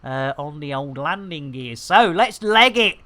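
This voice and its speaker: Cheeky man with lively, bright chatter. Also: on the high side, unhurried. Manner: bawdy, theatrical, rambling banter. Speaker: game streamer. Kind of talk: cheeky live-stream chat.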